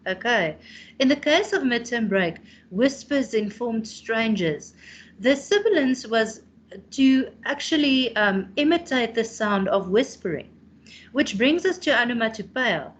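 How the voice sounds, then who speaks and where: A South African woman in her thirties leads a classroom revision lesson with a fairly high voice. She explains terms patiently, calls on students by name, and checks understanding with a quick "hey?". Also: big pitch swings, muffled recording. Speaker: teacher.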